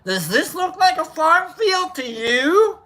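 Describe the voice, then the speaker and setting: A woman's voice: very high voice, very animated, slow, a bit bright, pitched above the performer's own voice, heavily acted. Woman playing a sheepish farmer, stammering. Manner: stammering, evasive. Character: sheepish farmer playing dumb to a police officer.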